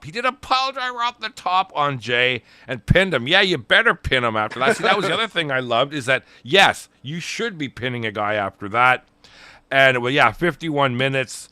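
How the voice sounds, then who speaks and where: Middle-aged male co-host, eager casual reviewer, bright crisp tone. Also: mid-range voice, dry recording. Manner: enthusiastic, retells promos in quoted voices. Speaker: podcast co-host. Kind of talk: casual wrestling review chat.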